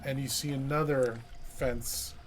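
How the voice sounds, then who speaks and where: A man's voice: mid-range voice, fairly even intonation, a loud crowd. A man narrating a tabletop game as game master, with frequent ums and restarts as he describes the scene. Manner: halting, full of ums and restarts. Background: music.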